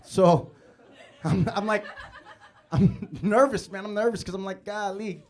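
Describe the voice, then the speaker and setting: A man born in the Philippines and raised in Chicago performing a live stand-up set on a comedy club stage, telling stories with lively act-outs. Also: high-pitched, a little slow. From born in the Philippines, grew up in Chicago. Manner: animated storytelling, acting out scenes.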